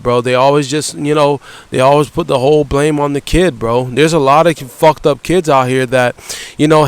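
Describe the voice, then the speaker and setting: A man with a somewhat high, smooth voice, recorded close with a dry sound. He rants in a heated, blunt way, swearing nonstop and hammering his points over and over. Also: no echo, rough recording. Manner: profane, repetitive, ends phrases with "bro". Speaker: vlogger. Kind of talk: angry rant vlog.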